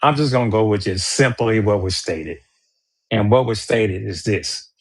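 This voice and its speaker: A man's voice: on the low side, moderate pace, slightly rough. A man hosting a livestreamed debate, arguing in a heated, profane and emphatic way.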